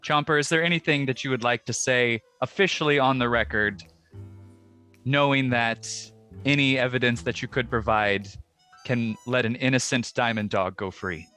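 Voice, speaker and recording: A man's voice: medium pitch, sharp tone, clear, resonant tone, soft background music. A man playing a tabletop game, giving formal courtroom speeches in character. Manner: formal, measured. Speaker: player.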